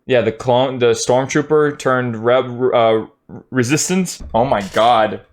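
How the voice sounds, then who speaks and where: A man streamer ranting his opinion in a casual, profane, heated way, at times breaking into shouts. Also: medium pitch, slow pace.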